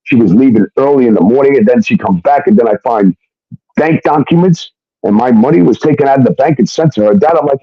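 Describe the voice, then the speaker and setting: A man's voice: medium pitch, fast talker, dry recording. A man telling a personal story in a casual, emphatic way, often swearing and tagging sentences with "okay?". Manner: emphatic, profane, keeps adding "okay?". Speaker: guest. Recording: dull, dry lo-fi sound.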